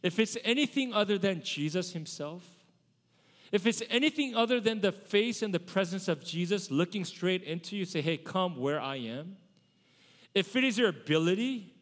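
A pastor in his forties preaches in a chatty way, often turning to question the congregation. His voice sits high for a man. It rings with the long reverb of a church sanctuary. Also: a bit bright. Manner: conversational, asks the congregation questions. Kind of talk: sermon.

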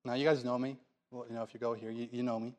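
A man's voice: mid-range voice, flat delivery, racing. A man preaching a sermon in a church, pleading with the congregation through earnest rhetorical questions.

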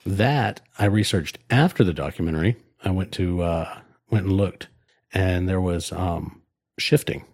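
Low-voiced man chatting loosely. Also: unhurried, darkish tone, no echo, studio quality. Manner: rambling, many fillers and restarts. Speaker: podcast co-host. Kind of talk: casual chat.

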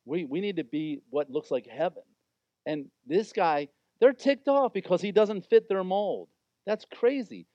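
A man's voice: high-pitched, expressive, measured pace, dark tone, dry recording, highs cut off. A man preaching a sermon as pastor, talking in an informal, conversational and emphatic way.

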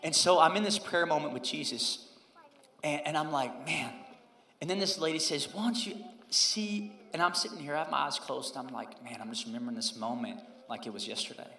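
A man in his thirties, a pastor preaching a sermon and telling a personal story, moving between loud emphasis and hushed, quoted prayer. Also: a little high, a little fast. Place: church sanctuary. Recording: roomy hall reverb.

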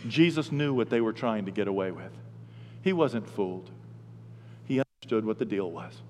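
A man's voice: on the low side, normal speed, slight background noise. Folksy preacher man with hall echo. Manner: folksy, animated, storytelling. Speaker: pastor. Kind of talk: sermon. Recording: long hall reverb.

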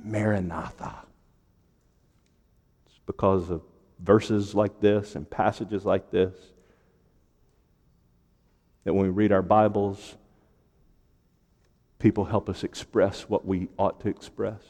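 A man's voice: deep voice, level tone, measured pace, mellow. A man preaching a sermon in a large church, fervent and building to emphatic, rising lines. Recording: long reverb of a large hall.

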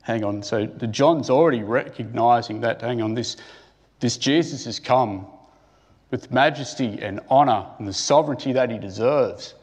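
A man's voice: mid-range voice, moderate pace, a little mellow. A man giving a conversational sermon who asks his listeners questions and thinks aloud with restarts. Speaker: preacher.

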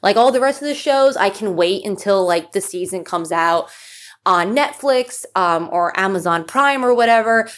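A woman's voice: mid-range voice, expressive, normal speed. A young woman hosting a solo podcast, chatting casually and gushing, with lots of fillers and asides. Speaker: podcast host.

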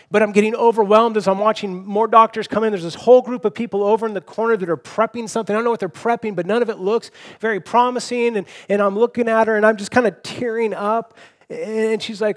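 A man's voice: high voice, fairly even intonation, fast. A young adult man preaching a sermon, earnest and personal, often restarting with repeated words. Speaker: pastor.

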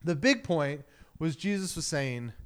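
A man's voice: on the high side, animated, measured pace, fairly bright tone, smooth. A man preaching a sermon as pastor, talking in a loose conversational way and acting out quoted voices.

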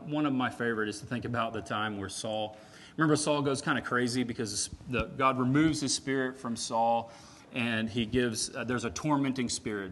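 A man preaching a sermon in a conversational, animated way, swinging from loud emphatic peaks to quiet asides. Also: mid-range voice, slight background noise. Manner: animated, conversational, with frequent "right?" and "like".

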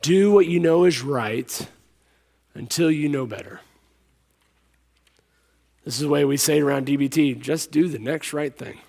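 A man preaching a sermon, emphatic, repeating key lines and dropping to a hush when he tells a story. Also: fairly high pitch, normal speed, gravelly, long pauses. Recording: hall reverb.

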